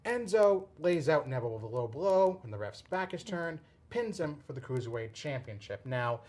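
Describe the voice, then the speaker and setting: Guy hosting a casual podcast, kinda high voice, rambles and restarts a lot, gets excited. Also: moderate pace. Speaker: podcast host. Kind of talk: casual wrestling chat.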